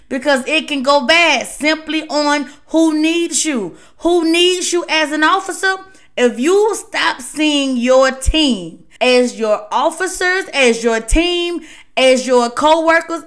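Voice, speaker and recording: A woman's voice: sits high, a bit bright. A woman hosting a podcast, giving emphatic advice in a casual monologue, repeating words for stress. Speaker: podcast host.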